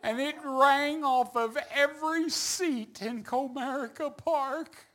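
A middle-aged male evangelist spins a story from the pulpit, his voice unusually high and bright. He takes his time, drawing out the phrases and then rising into shouts. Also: slow pace, few pauses. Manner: animated storyteller, builds to shouts. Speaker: evangelist preacher. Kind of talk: storytelling sermon.

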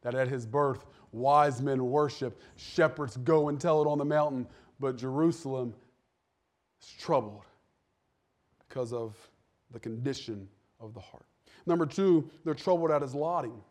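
A man's voice: mid-range voice, measured pace, a little mellow. A man preaching a sermon in a conversational way, asking the listeners rhetorical questions and repeating words as he builds each point.

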